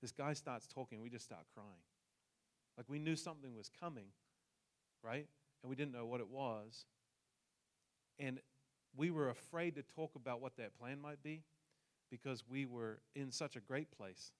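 A man's voice: mid-range voice, normal speed, long pauses. A man from New Zealand with a New Zealand accent, telling a personal story in a sermon with jokes for the congregation. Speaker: pastor.

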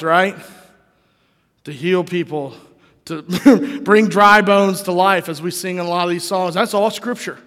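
With a high-pitched, fairly bright voice, a pastor gives a conversational, casual sermon and frequently asks the congregation questions. The large hall adds long reverb.

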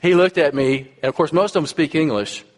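A man's voice: fairly high pitch, brisk. A man in his fifties with a Texas accent, preaching a sermon in a conversational, storytelling way with frequent asides to the congregation. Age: 50s. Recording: long hall reverb.

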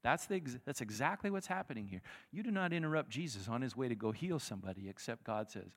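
A male pastor preaching a sermon in a conversational, animated way, acting out the people in the story. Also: mid-range voice, fast, few pauses, in a large hall. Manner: animated, conversational, acts out quotes.

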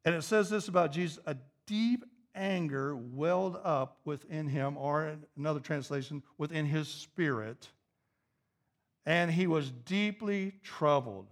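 A pastor preaching a sermon, repeating key phrases and building to an emphatic, raised intensity. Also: male voice, on the high side, measured pace.

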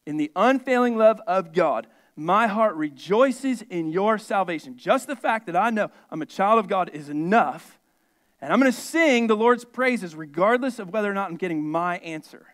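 A man's voice: high-pitched, fairly bright tone. A male pastor preaching a sermon to his church in a conversational, folksy way, with asides and rhetorical questions.

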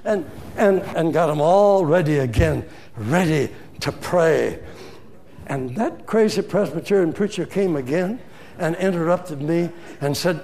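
An older man preaching a sermon, telling a story with animated swings from loud to hushed. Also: on the high side, a little slow, creaky.

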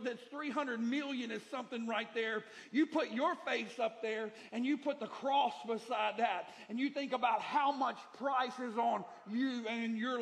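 A man's voice: very high voice, fairly bright tone. A middle-aged male pastor preaching a sermon, emphatic and repetitive, moving between lessons and personal stories.

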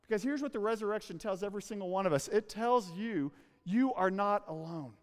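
A man with a high voice preaching an earnest sermon, drawing out words and sinking to a near hush to press a point. The sound rings out in a big hall with a long reverb tail. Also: lively intonation. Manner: earnest, slows and drops to a hush for emphasis. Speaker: pastor. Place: church room with a congregation.

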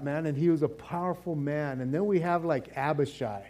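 A man with a fairly high, slightly mellow voice speaks at a moderate pace while leading a casual Bible study. He rambles, leaning on fillers and repeated words, and now and then playfully acts out the figures and quoted exchanges he describes.

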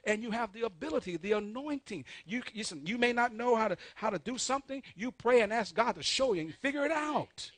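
A man preaching a sermon, calling on the congregation to answer back, swinging between soft asides and loud emphatic peaks. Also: extremely high pitch, lively intonation, fairly quick, few pauses, no echo. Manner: call-and-response preaching, urging the congregation. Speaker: pastor.

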